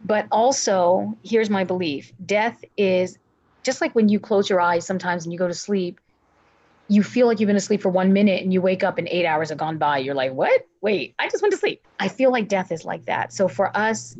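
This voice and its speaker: Husky woman sharing her faith story. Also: medium pitch, a little mellow, lo-fi sound. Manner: earnest, acts out her prayers in raised voice. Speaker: interview guest. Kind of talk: emotional personal testimony.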